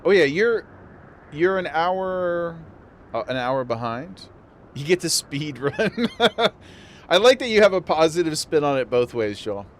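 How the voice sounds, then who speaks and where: A man streaming a game chats casually with his viewers and laughs often. His voice is a little high with big pitch swings and a measured pace, with slight background noise.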